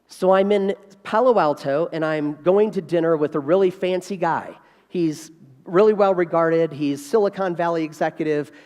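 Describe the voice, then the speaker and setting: High-voiced man telling a story in a hall. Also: moderate pace. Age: about 50. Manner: animated, repeats key phrases for emphasis. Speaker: keynote speaker. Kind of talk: storytelling keynote speech. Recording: reverberant hall.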